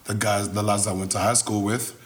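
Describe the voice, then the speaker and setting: A man in his twenties from Nigeria, a podcast guest speaking in a measured, thoughtful way. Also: fairly low pitch, level tone. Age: 20s. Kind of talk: podcast interview.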